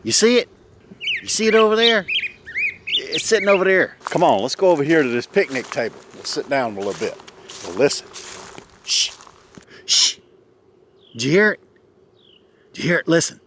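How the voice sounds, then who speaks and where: A man chatting casually on an outdoor vlog, hushing and coaxing while he walks and sits to listen for birds. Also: high voice, expressive, moderate pace, long pauses, background noise. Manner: hushed, coaxing, folksy. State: a bit out of breath. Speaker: vlogger. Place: outdoors in woods.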